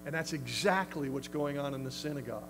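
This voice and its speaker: A man's voice: fairly high pitch, fast, a bit bright, a little hiss or hum, low-quality recording. A male pastor preaching a sermon in an emphatic, conversational way. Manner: emphatic, conversational, acts out quotes.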